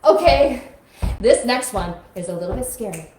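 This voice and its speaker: A woman's voice: a little high, lively intonation, moderate pace, darkish tone, slight background noise. A young woman teaching a kids' music lesson on a live stream, coaxing children to join in with motions. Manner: upbeat, coaxing, talks to kids with motions. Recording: echoey room with faint music.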